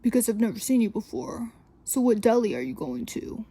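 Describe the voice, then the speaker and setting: Woman voicing a leering fiftyish deli guy, husky, dark, pushy. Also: fairly high pitch, big pitch swings, brisk, dry recording, full character voice. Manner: insistent, prying. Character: pushy leering middle-aged male deli owner. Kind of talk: comedic retelling in a podcast.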